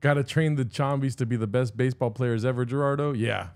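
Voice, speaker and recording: A man's voice: mid-range voice, a little fast, darkish tone. A man co-hosting a podcast watch party, laid-back and laughing, dropping "dude" often. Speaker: podcast co-host. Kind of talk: casual chat over a watch party.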